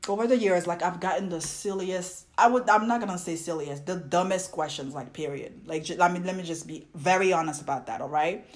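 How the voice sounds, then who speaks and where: A woman's voice: lowish voice, normal speed. A young woman from Côte d'Ivoire with an Ivorian French accent, hosting a casual monologue and ranting with lots of fillers and restarts. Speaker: podcast host.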